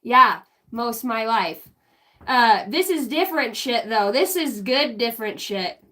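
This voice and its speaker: A middle-aged woman chats on a live stream with a high, bright voice. She is goofy and self-mocking, laughs often and swears freely. She is offering spiritual readings in loose, rambling talk. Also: lively intonation, unhurried. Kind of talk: casual live-stream chat.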